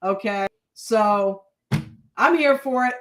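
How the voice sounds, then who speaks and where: A woman's voice: medium pitch, slow, fairly bright tone. Woman, reality TV recap host, blunt, chatty, swears, echoey room. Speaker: reaction show host.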